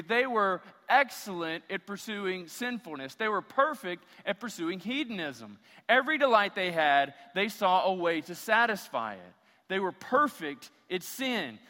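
A man's voice: sits high, bright, forceful tone, big-room sound. A man preaching a sermon as a pastor, emphatic and repeating phrases for stress.

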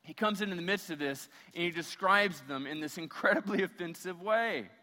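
A male pastor preaches with a high, bright, forceful voice. He drives his points home by repeating phrases, and a long hall reverb trails his words through the church. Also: a little fast. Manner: emphatic, repeats phrases for stress. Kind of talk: sermon.

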